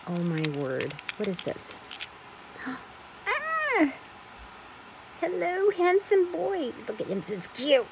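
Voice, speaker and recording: A woman excitedly unboxing craft supplies in a casual vlog, gushing with frequent gasps and exclamations. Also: mid-range voice, noisy background. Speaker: craft vlogger unboxing a swap package.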